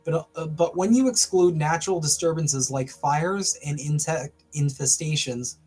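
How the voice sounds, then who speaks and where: A man with a fairly high voice reads a news article aloud on a live show, stopping now and then for dry, sarcastic jokes. Faint music plays underneath. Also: slightly rough. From Canada. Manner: wry, breaks off into playful sarcastic asides. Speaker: host. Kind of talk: reading an article aloud with jokey asides on a livestream.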